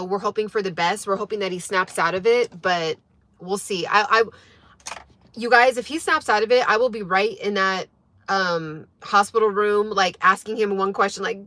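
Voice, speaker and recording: A woman streams live to her wellness community, talking casually and earnestly. She leans on fillers and keeps checking in with her listeners. Her voice sits in a middle pitch and sounds close and dry, with no room echo. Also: sharp tone. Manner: earnest, emphatic, filler-heavy, often asks "right?". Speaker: wellness channel host. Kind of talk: casual livestream talk to viewers.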